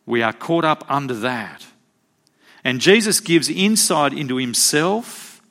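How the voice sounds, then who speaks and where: A man preaching a sermon, telling stories and acting out quotes with animated delivery. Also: unhurried. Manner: animated storytelling, acts out quotes with rising pitch.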